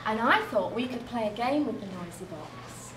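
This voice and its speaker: A woman's voice: fairly high pitch, lively intonation, normal speed, recorded from a distance. A British woman teacher leading young children through a sound game, encouraging them and making animal and buzzing noises, recorded from across a classroom. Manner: encouraging, drawn out, sound effects. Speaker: primary school teacher. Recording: echoey classroom from afar, noisy.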